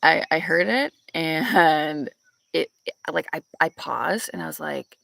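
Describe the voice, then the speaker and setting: A woman's voice: sits low, animated, unhurried, gravelly, a bit bright, dry recording. A young woman, chatting casually with viewers and telling a story, laughing often, recorded on a back porch. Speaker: vlogger. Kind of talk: casual chat with live viewers.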